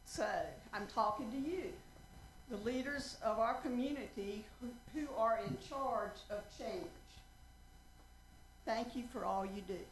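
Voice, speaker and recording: Seventies woman from North Carolina, folksy and earnest at the podium, a touch high, echoing chamber with faint hiss. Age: 70s. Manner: folksy, earnest, slow emphatic appeals. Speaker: public commenter. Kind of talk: prepared public comment with a joke. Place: council chamber. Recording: roomy council chamber.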